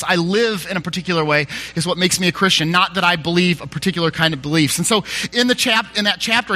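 A man's voice: sits high, bright, forceful tone. A man preaching a sermon in a church, candid, conversational and self-deprecating, a little teary.

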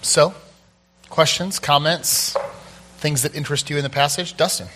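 Pastor leading a group discussion, male, a touch high, lively and joking, reverberant hall. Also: moderate pace, a little hiss or hum. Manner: animated, playful, thinks aloud. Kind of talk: casual church Bible discussion.

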